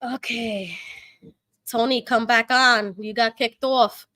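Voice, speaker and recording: A woman in her thirties with a New York Puerto Rican accent, hosting a casual livestream from home, chatty and quick to laugh as she reads comments aloud. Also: on the high side, steady tone, pushed and bright, no echo. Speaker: livestream host.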